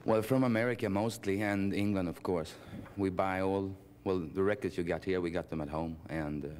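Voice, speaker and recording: Swedish male guest, very low voice, hesitant and modest answers. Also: steady tone, normal speed, darkish tone, a little hiss or hum. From Sweden. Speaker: band member guest. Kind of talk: televised interview.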